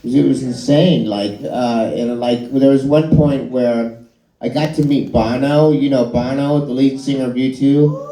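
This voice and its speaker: A man's voice: medium pitch, steady tone, moderate pace, warm tone. A middle-aged man doing stand-up comedy in a bar and grill, telling rambling, self-deprecating, profane anecdotes. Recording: echoey live room.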